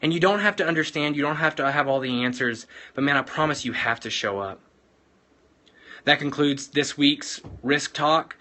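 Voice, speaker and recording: Earnest young man, bright voice. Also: on the high side, normal speed. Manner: earnest, retells film scenes, many fillers like "man". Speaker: host of a weekly talk. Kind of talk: casual motivational talk.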